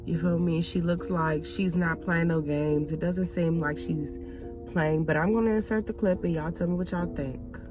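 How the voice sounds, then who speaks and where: A woman's voice: fairly low pitch, fairly even intonation, moderate pace. A woman hosting a video, casually telling a story to her viewers and chatting with them as "y'all". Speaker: video host. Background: music.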